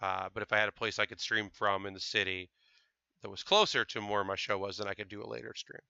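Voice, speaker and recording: A man's voice: on the low side, steady tone, fast talker, creaky, bright, forceful tone, clean tone, dry recording, muffled recording. A man chatting casually to his live-stream viewers while building a model kit, thinking aloud with fillers. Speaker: livestreamer building model kits.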